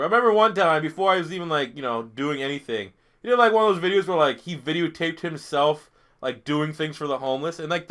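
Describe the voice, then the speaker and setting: Young man, fairly high, sharp voice; crude, profane gameplay streamer. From Canada. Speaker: gaming streamer. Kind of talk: live gameplay commentary reading chat.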